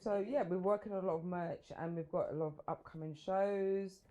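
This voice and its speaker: A woman with a London accent talks in a somewhat low voice. Her chat is easy and full of laughs. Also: fairly even intonation, brisk, phone-quality sound, slight background noise. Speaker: singer. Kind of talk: casual chat.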